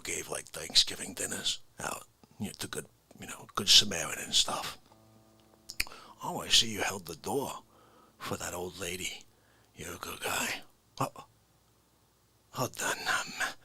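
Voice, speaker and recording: Brief: man doing a slow, husky, judgmental gatekeeper character, wild pitch swings. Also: wildly swooping pitch, full character voice. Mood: mocking. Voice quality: gravelly, swings from hissed whispers to shouts. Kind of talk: comedy sketch character.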